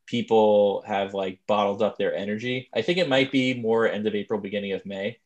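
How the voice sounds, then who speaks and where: A low-pitched man chatting casually as a co-host. He rambles through wry asides, leaning on fillers and loose tangents. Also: steady tone, brisk, darkish tone, dull audio. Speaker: podcast co-host. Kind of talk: casual chat.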